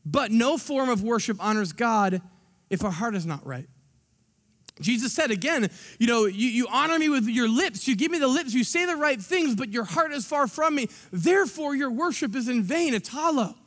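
A man in his thirties, a pastor preaching a sermon in a church, animated and breaking into acted-out scenes with quick asides. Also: extremely high pitch. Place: church sanctuary. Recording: long hall reverb.

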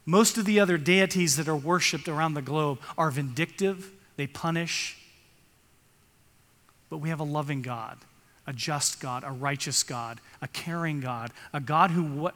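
A man's voice: fairly high pitch, fairly bright tone, long reverb tail. A male pastor giving an earnest sermon, reading scripture aloud and rising for emphasis.

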